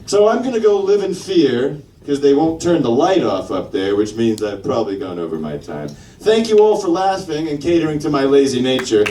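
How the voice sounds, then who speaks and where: A man's voice: mid-range voice, expressive, a little fast, few pauses, warm tone, a little hiss or hum. A man doing a stand-up comedy set, crude and mocking, trying out silly accents. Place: comedy club stage. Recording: roomy club sound from a distant mic. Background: audience laughing.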